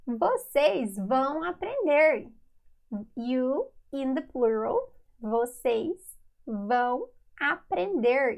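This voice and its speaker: A woman's voice: sits high, vocal fry, poor audio. A woman teaching a lesson, patiently repeating each example. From Brazil. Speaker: Portuguese teacher. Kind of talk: online language lesson.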